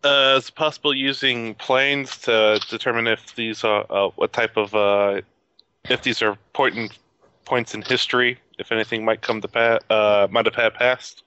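Smooth bright man, halting questions. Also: mid-range voice, fairly even intonation, lo-fi sound. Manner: halting, searching for words. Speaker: player. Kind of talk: casual tabletop game chat.

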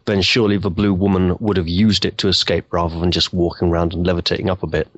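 A man's voice: deep voice, little pitch movement, fast, muffled recording. A man playing in a tabletop game session, joking and laughing often with the others. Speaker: player. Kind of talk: casual tabletop game chat.

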